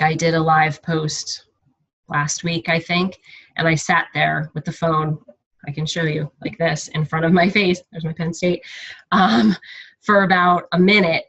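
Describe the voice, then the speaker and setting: A woman's voice: low voice, a bit bright. A middle-aged woman coach sharing personal stories on a team call, candid and self-conscious, laughing often. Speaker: guest speaker, fitness coach. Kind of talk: casual talk on a team video call. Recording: dull lo-fi call audio.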